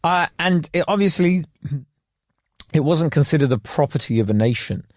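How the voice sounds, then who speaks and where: A man's voice: on the high side, expressive, normal speed, no room sound, studio quality. A man co-hosting a podcast, rambling and self-correcting as he explains facts, often chuckling. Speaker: podcast co-host.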